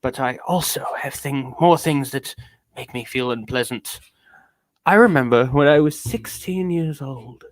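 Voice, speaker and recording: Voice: mid-range voice, no echo, lightly acted. A streamer putting on an affected British accent to read out an anguished man's confession with theatrical grandeur. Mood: brooding. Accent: put-on British. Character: grandiose anguished man reading his own confession. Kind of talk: dramatic reading of a text.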